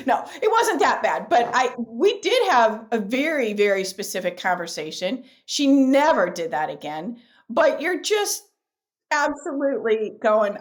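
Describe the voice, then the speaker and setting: Middle-aged woman, podcast guest, slightly raised pitch, emphatic animated storyteller. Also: measured pace. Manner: emphatic, repeats key phrases. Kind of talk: podcast interview.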